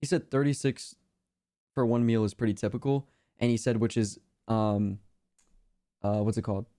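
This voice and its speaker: A man's voice: lowish voice, steady tone, moderate pace, dark tone. A young man streaming casually, rambling in a laid-back slangy way with lots of fillers. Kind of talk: casual reaction chat.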